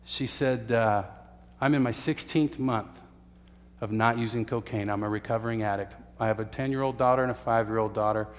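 Man, pastor, earnest sermon storytelling, mid-pitched voice, long church reverb. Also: steady tone, a little fast. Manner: earnest storytelling with filler uhs and restarts.

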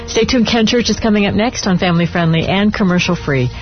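A man hosting a Christian radio talk show, speaking in a rambling way with halting phrasing. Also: sits high, highs cut off, over loud music.

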